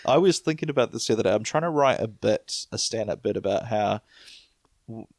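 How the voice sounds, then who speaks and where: A man's voice: lowish voice, animated, fairly quick, dry recording, studio quality. A man, hosting a podcast in casual chat and laughing often through rambling stories. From New Zealand. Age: 30s. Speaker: podcast host.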